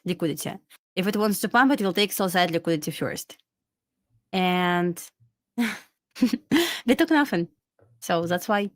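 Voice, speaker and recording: A woman with a Russian accent co-hosting a live trading stream, reasoning out loud in halting, casual talk. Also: fairly low pitch, no echo. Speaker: co-host trader.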